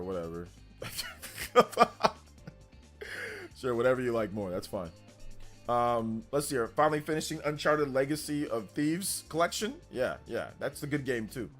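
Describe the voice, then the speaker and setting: A man's voice: mid-range voice, lively intonation, moderate pace, faint music behind. A man hosting a casual live stream, hyped up, reading out and thanking donors as he chats. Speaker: livestream host.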